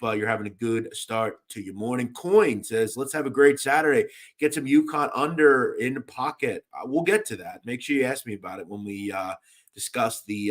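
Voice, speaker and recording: A young man talks through basketball betting picks in a loose, animated way, riffing between games and calling out to listeners in the chat. His voice sits at an ordinary middle pitch, and his talk is casual and full of fillers. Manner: animated, chatty, shouts out chat viewers. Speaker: sports betting radio host.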